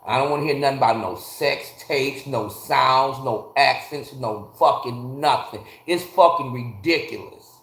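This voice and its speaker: Speaking into a phone in an echoey garage, a man hosts a casual livestream full of blunt rants and heavy swearing, greeting people in chat by name. His medium-pitched voice is a bit bright, steady in pace, with few pauses.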